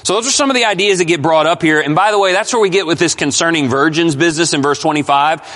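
A man's voice: a little high, fast, fairly bright tone. A male pastor preaching an expository sermon, emphatic and questioning his congregation. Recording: long hall reverb.

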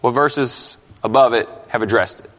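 A man's voice: medium pitch, normal speed, a bit bright. A male pastor preaching an expository sermon, emphatic and questioning his congregation. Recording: long hall reverb.

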